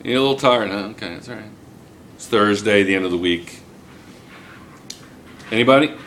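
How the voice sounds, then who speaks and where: A man's voice: lowish voice, moderate pace, a bit bright, a little hiss or hum. An older man teaching a chemistry lesson to a classroom of students, teasing them between explanations. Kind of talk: classroom lecture.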